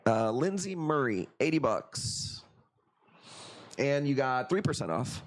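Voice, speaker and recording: A man in mid pitch runs a live sales stream, swearing freely and cracking jokes between bids. His talk rambles loosely from price calls into teasing banter with the chat. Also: very animated, slow. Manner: profane, joking, rambling banter with viewers. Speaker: livestream coral auction host.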